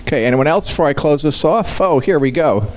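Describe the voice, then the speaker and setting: A man's voice: fairly high pitch, animated, a little fast, a little hiss or hum. A man leading a Bible study, teaching small groups in a playful, emphatic way. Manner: playful, emphatic, sudden shifts in volume.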